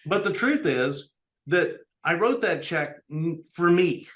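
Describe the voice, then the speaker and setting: A man's voice: a little high, expressive, slow, fairly bright tone. A middle-aged businessman telling stories as an interview guest, earnestly quoting dialogue. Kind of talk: storytelling interview talk.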